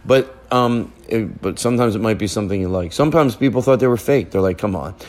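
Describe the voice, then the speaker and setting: A man's voice: lowish voice, quick pace, a little mellow. A middle-aged man hosting a casual podcast from a relative's living room, rambling and joking as he goes. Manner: rambling, joking, self-interrupting. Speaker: podcast host. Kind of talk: casual chat recorded with family. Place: living room at a relative's house, fire going.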